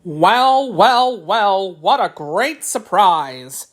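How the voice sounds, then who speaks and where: A woman voicing a kindly, dignified tin man emperor in a storybook reading, with warm, courtly speech. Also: mid-range voice, normal speed, close to an everyday voice. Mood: joyful.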